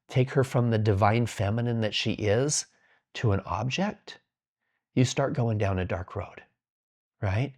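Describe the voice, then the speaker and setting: A man's voice: lowish voice, measured pace, a little mellow. A middle-aged man, a podcast guest, telling stories earnestly and intensely, repeating words and sinking to a whisper for heavy points. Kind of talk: earnest storytelling in conversation.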